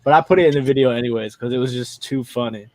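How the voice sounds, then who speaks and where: A man's voice: medium pitch, racing, no echo. A man chatting casually about reselling, telling stories in a rambling way with many fillers. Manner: rambling storyteller, filler-heavy. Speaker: reseller host.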